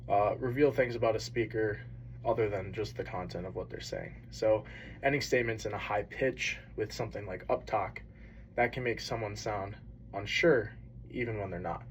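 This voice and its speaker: A man's voice: fairly low pitch, slight background noise, poor audio. Earnest young man giving a class presentation. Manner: earnest, with frequent fillers and restarts. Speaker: business student presenting.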